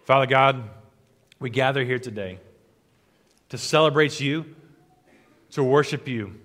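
Pastor preaching in a reverberant hall. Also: male voice, mid-range voice, unhurried. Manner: earnest, rhythmic repetition, trailing off softer at phrase ends. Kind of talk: sermon and closing prayer. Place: church sanctuary.

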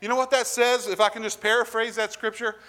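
A middle-aged male pastor preaching a sermon, earnest and emphatic, slowing down to read scripture and verse. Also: very high voice, fairly even intonation, pushed and bright.

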